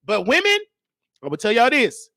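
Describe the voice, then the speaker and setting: High bright-voiced guy, telling wild family stories, dry close mic. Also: brisk, creaky, no echo. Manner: animated, acts out quotes, frequent laughter. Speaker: host. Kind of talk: storytelling monologue.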